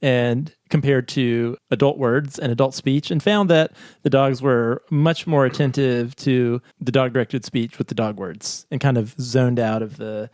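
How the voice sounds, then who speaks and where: A man in casual podcast chat, walking through a study with easy laughs. His pitch sits in the middle, and his voice sounds dry and close to the mic. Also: fairly even intonation, a little slow, hardly any pauses, darkish tone, no room sound. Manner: chatty, laughs often, reads scripts aloud. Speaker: podcast co-host.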